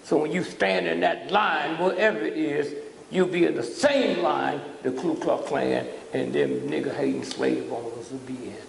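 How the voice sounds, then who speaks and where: An older man delivers a fiery lecture with a deeply gravelly, fry-laden voice that sits a bit high for a man. He preaches and prods the crowd with repeated questions. The sound is roomy, with a long hall echo and faint background noise. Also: normal speed. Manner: preachy, repeats "huh?" to provoke the audience. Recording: echoey hall from a distance.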